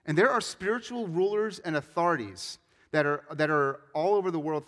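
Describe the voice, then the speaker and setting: A man preaching a sermon as a pastor, moving between loud emphatic scripture reading and quiet earnest appeals. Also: on the high side. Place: church sanctuary. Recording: long reverb of a church hall.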